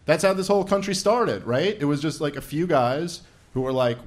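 A man's voice: a little high, expressive, normal speed. A man doing a stand-up comedy set on a live event stage, sarcastic and rambling, often laughing at his own jokes. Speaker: stand-up comic opening an event.

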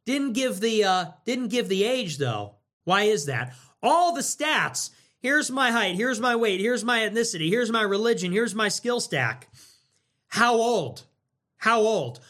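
A young man hosting a livestream, riffing casually in a mocking, animated way with lots of rapid repetition. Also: sits high. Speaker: livestream host.

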